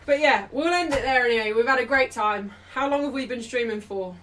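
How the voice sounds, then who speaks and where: A woman's voice: fairly high pitch, brisk, fairly bright tone, distant mic, slight background noise. A young woman hosting a live football watchalong stream, chatting casually with her viewers, laughing a lot and swearing now and then. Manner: laughs often, swears, talks to her chat.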